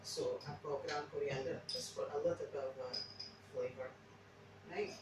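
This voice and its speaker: A woman's voice: extremely low pitch, fairly even intonation, moderate pace, heavy reverb, recorded from a distance, heavy background noise. A woman who speaks English as a second language, chatting casually through a cooking demo with lots of restarts. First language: not English. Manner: chatty, rambling, frequent restarts. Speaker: home cook. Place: home kitchen.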